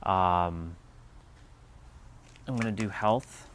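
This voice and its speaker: Laid-back low-voiced man chatting on stream. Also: very slow, slight background noise. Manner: relaxed, answers chat comments one by one. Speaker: livestream host. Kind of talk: casual livestream chat.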